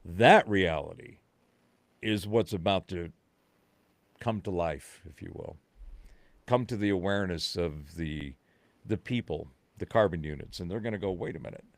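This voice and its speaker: A man's voice: sits low, measured pace, long pauses, no echo. A man, a podcast guest, explaining his views in an emphatic, conspiratorial way. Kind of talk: casual chat.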